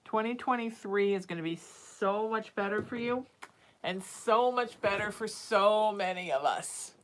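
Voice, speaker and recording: A woman's voice: mid-range voice, a little slow. A woman hosting a casual live-stream as a psychic medium, reassuring and calling listeners sweetheart and honey. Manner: casual and chatty, with soft fillers.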